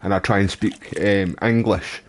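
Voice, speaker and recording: A man's voice: deep voice, fairly even intonation, measured pace. A Scottish man chatting casually to viewers while live streaming a game, laid back and swearing freely.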